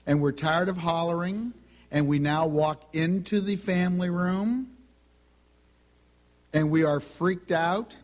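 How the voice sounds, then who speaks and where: A middle-aged man preaching a sermon, telling stories with lively delivery and acting out the voices of the people in them. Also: a little high, takes it slowly, pauses often. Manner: animated storytelling, acts out quoted voices.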